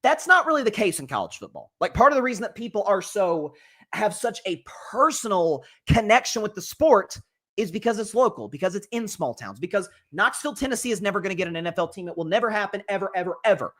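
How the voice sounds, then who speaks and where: A sports show host with a high, very animated voice talks at a quick pace with a sharp tone. He runs a college football reaction show, rambling conversationally with lots of restarts and asides.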